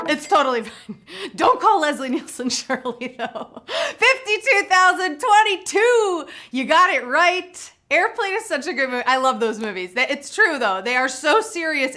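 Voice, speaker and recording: A woman hosting a live trivia game show, playful and excitable, giggling between chatty asides. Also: sits high. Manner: upbeat and excitable.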